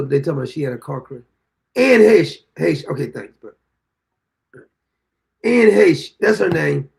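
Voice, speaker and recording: A man's voice: a little high, creaky, darkish tone. Scornful ranting man in his sixties. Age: 60s. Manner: mocking, insulting, laughs at his targets. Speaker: political commentary host. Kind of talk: ranting political commentary.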